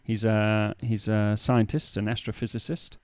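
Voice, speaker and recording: Smooth, low-voiced male podcast co-host. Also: flat delivery, darkish tone, no room sound. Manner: explains words slowly with definitions and quotes. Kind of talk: casual chat about word meanings.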